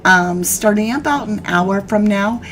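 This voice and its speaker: A woman hosts a casual live-stream chat at an unhurried, drawn-out pace. Her voice sits in a middle range and she talks chatty and homespun, with a little background hiss underneath. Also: medium pitch, a bit bright, rough recording. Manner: chatty, scolding her dogs mid-stream, laughing. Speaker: host of a live true crime chat.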